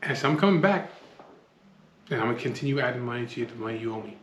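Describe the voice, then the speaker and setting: A man's voice: medium pitch, lively intonation, very fast, fairly bright tone. Blunt, profane man telling stories. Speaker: storyteller. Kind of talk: casual storytelling. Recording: echoey room, faint noise.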